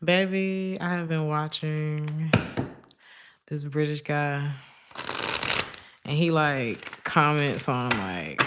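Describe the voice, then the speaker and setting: A woman's voice: sits low, expressive, measured pace, long pauses, background noise. A woman giving a casual tarot reading, chatty and laughing often, drifting into side stories. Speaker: tarot reader.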